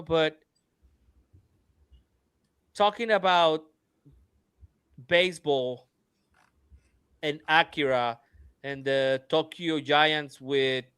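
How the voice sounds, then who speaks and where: A man's voice: a little high, clear, resonant tone, no room sound, studio quality. A man on a casual wrestling podcast, telling stories animatedly, often restarting his sentences. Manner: animated storytelling with many restarts.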